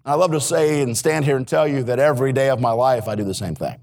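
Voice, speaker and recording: A man preaching a sermon in a church as a missionary, earnest and swinging between hushed and emphatic delivery. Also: medium pitch, quick pace, gravelly. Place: church sanctuary.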